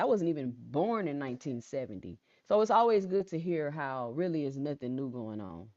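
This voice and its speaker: Low-voiced woman hosting a casual livestream. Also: dry recording. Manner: repeats phrases, reads out chat comments; calm, low-key delivery. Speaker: livestream host. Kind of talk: casual live-stream chat. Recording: dull lo-fi sound, dry.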